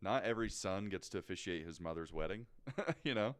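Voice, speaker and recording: A man's voice: low-pitched, animated, a little fast. A young man co-hosting a faith podcast, joking and laid-back in casual chat. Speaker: podcast co-host.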